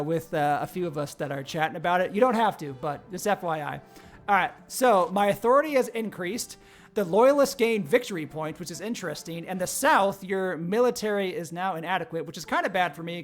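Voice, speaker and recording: A man hosting a game stream, reading the story text aloud and chatting with players between passages. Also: sits high. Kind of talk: game narration and casual chat.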